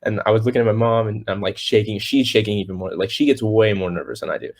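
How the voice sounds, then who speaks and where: Teenage boy, low voice, casual podcast guest, rambling, lots of fillers, acts out quotes. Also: fast, gravelly. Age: teens. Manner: rambling, many fillers and restarts. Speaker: guest singer. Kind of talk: casual interview.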